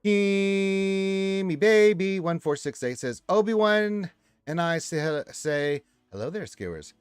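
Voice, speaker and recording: A man hosting a casual livestream, reading viewers' chat messages aloud with lively swings in pitch and loudness. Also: slow, clear, resonant tone, no room sound, studio quality, faint music behind.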